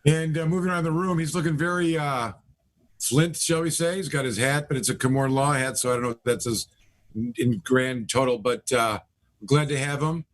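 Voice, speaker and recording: A middle-aged man hosts a live talk show in a casual, rambling way. He leans on fillers and restarts as he introduces each guest. His voice sits at an ordinary middle pitch. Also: normal speed. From Michigan. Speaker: host, attorney.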